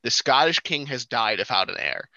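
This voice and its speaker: A man's voice: mid-range voice, expressive, normal speed, sharp tone, no room sound, dull audio. A man in casual conversation, stepping in to correct and explain historical background. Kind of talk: casual chat.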